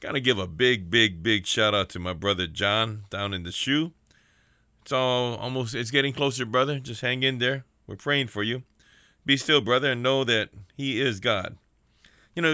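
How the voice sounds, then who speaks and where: A man hosting a prison ministry radio show, preaching fervently and calling for amens between shout-outs. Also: lowish voice, dry recording, studio quality.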